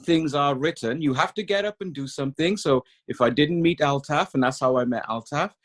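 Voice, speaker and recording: Welsh guy chatting easy and thoughtful on a podcast, voice sits a bit high. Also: fairly quick. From Cardiff, Wales. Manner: reflective, laid-back, leans on "you know". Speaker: podcast guest. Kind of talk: casual chat.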